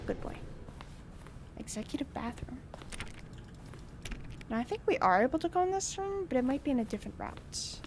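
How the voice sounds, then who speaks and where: A woman's voice: sits high, sing-song, fast, hardly any pauses, a little hiss or hum. A woman streamer chatting playfully and casually while she plays a game. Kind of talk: casual gameplay commentary.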